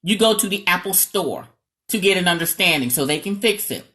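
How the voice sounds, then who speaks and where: A woman from New York with a New York accent, talking as a marriage coach in a lively, dramatic, sarcastic way and often checking in with "okay?". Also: fairly low pitch, brisk. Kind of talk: direct-to-camera advice talk.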